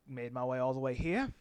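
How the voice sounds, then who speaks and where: A man's voice: mid-range voice, darkish tone, clean tone, no room sound, lightly acted. A man voicing a grim wanderer from a dead land.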